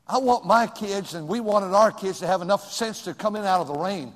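A middle-aged male pastor preaching a sermon, swinging between loud exclamations and hushed, close remarks. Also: high voice, brisk, hardly any pauses. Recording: long hall reverb.

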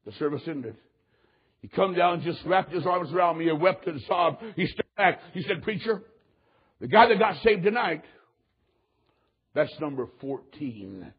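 A man preaching a sermon, telling a story with animated delivery and acting out the quotes. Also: high-pitched, moderate pace, husky, lo-fi sound.

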